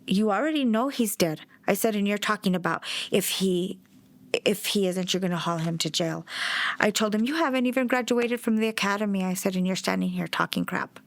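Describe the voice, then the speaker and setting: A woman's voice: medium pitch, brisk, no room sound. A middle-aged woman telling her story as a bereaved mother in a documentary interview, blunt and outspoken.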